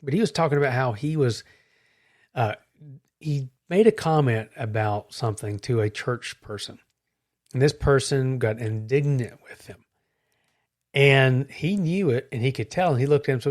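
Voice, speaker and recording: A man co-hosting a Christian podcast, speaking earnestly and reflectively, slowing down on key points. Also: medium pitch, darkish tone. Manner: earnest, reflective, slow emphasis. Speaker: podcast co-host, Christian minister. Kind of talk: casual chat.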